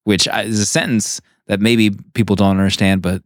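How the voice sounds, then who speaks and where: A man's voice: fairly low pitch, fairly even intonation, no echo, clean studio sound. A man co-hosting a podcast, chatting casually and offering opinions. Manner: chatty, opinionated, quick laughs. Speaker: podcast co-host. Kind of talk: casual comic book discussion.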